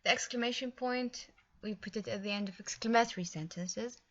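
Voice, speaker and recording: Bright-voiced woman teaching grammar. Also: mid-range voice, a little fast, highs cut off. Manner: patient, explains step by step with fillers. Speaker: English teacher. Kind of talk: recorded grammar lesson.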